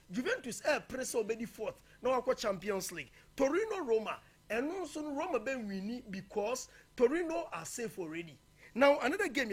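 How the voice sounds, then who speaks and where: A man talks through upcoming football fixtures in a loose, emphatic style. His voice sits high and has a husky edge, and it swings widely in pitch as he stresses his points. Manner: emphatic, mixing in local-language phrases. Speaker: football pundit. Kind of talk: casual football match preview.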